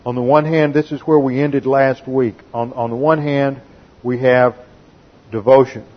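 A man's voice: mid-range voice, steady tone, normal speed, lo-fi sound. A man giving a methodical sermon that teaches doctrine step by step and reads scripture aloud. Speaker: pastor.

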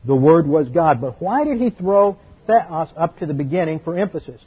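Husky man teaching a Bible study. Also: fairly high pitch, animated, dull audio. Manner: explanatory, emphatic, slows to stress key words.

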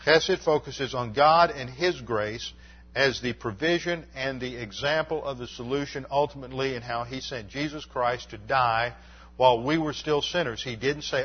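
A man preaching a sermon as pastor, explaining scripture verse by verse in a measured teaching manner and closing in prayer. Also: medium pitch, slightly rough, muffled recording.

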